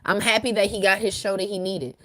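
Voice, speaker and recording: A woman's voice: medium pitch, steady tone, fast talker, no echo. A young woman co-hosting a casual podcast chat, ranting in a fiery, profane way. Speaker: guest co-host.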